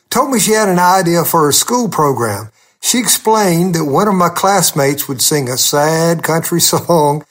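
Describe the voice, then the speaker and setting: A man, a humorist, telling a gently funny personal story in a scripted radio segment. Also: a little high.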